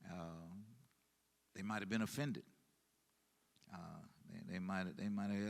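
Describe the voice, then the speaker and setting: Low-pitched male pastor, halting teaching style that rises for emphasis. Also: creaky. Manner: halting, many fillers and restarts, swells in emphasis. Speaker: pastor leading Bible study. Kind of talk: Bible study teaching.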